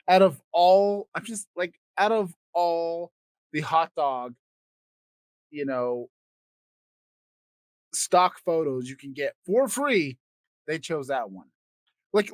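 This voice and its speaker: A man hosting a comedy podcast, ranting crudely and swinging between loud outbursts and quiet asides. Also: high voice, dry recording. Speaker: podcast host. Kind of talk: comedic rant.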